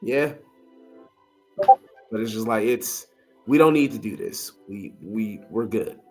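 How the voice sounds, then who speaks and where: A man's voice: on the low side, takes it slowly, faint music behind. Laid-back man in wrestling chat. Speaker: podcast co-host.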